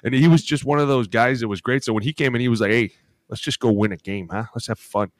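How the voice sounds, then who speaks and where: A man in his thirties co-hosting a sports podcast, telling animated locker-room stories full of acted quotes and cursing. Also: mid-range voice, fast, no room sound, clean studio sound. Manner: animated storytelling with acted quotes, swears freely. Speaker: podcast co-host, former NFL lineman. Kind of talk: casual chat.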